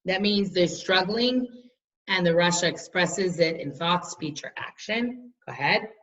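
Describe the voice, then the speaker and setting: A woman in her thirties guides a study group through a text, her voice sitting on the low side. She talks chattily, often restarting sentences as she tells personal stories. The recording is muffled and picks her up from some distance away. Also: measured pace, fairly bright tone. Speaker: Torah class teacher. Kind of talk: leading a study class.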